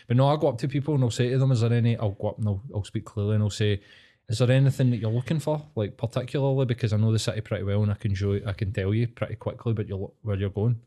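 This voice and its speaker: A Glaswegian man from Scotland co-hosts a podcast, his voice fairly low, mellow, and fairly even in intonation. He tells sweary stories in casual chat, quickly acting out other people's lines in their voices.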